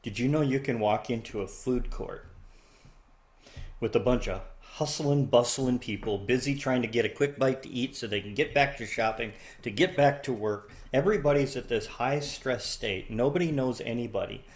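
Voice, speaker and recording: A man in casual conversation, an animated storyteller who laughs often and jumps into loud, excited voices when quoting. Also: mid-range voice, moderate pace. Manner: laughs often while talking.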